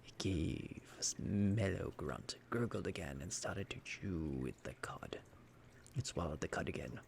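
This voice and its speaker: Male ASMR storyteller: low, gravelly, whispered bedtime reading, varied melody. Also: expressive, unhurried. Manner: soft, whispered bedtime narration.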